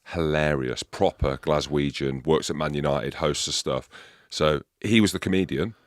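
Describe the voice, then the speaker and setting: A man's voice: a bass voice, normal speed, no echo, clean studio sound. A middle-aged man hosting a podcast, telling rambling, anecdotal stories in casual chat and swearing now and then. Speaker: podcast host.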